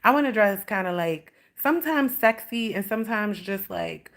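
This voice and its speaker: A woman's voice: medium pitch, lively intonation, moderate pace, fairly bright tone. A woman chatting on a livestream, rambling and swearing freely as she tells stories. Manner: rambling, profane storytelling with lots of "like". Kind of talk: casual livestream chat.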